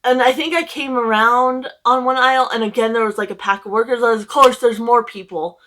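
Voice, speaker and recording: A young woman retells her day to camera in a loose, rambling way, full of fillers and emotion. Her voice sits a little high, and she talks casually from home. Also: fairly even intonation, fairly quick, a bit bright, slight background noise. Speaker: book vlogger.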